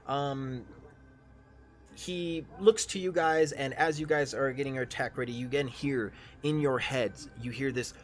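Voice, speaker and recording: A man running a live-streamed tabletop game as game master, often pausing with fillers and apologizing. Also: medium pitch, fairly even intonation. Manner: hesitant, many fillers, apologetic.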